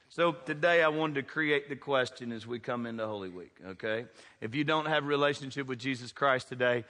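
A man preaches in a church, his high voice swooping up and down as he calls out to the congregation. His tone is bright and sharp. The room adds a long, trailing reverb. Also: expressive, normal speed. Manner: preaching with wide swings of pitch and loudness, calling out to the congregation. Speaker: pastor. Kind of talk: sermon. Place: church sanctuary.

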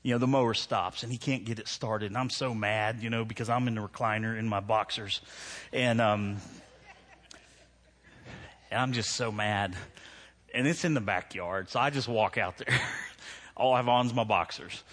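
A man's voice: on the low side, fairly even intonation, moderate pace, pauses often, a bit bright. A man pastor, preaching a sermon in a conversational, self-deprecating way that rises into emphatic preaching. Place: church hall. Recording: long hall reverb.

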